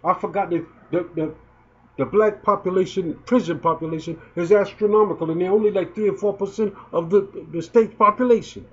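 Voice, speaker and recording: A man's voice: high voice, fairly even intonation, brisk. A man in his fifties giving emotional spoken commentary, indignant and stumbling as he repeats his words. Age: 50s. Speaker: video blogger. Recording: dull lo-fi recording.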